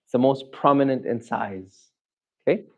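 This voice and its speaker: A male teacher giving a Quran lesson in a classroom, questioning his students and repeating terms slowly. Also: medium pitch, low-quality recording. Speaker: Islamic teacher.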